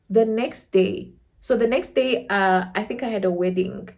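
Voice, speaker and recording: A young woman with a Namibian accent telling a dramatic story to camera in a casual, animated way, acting out quotes and laughing often. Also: medium pitch, moderate pace, vocal fry. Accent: Namibian English. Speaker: storytelling vlogger.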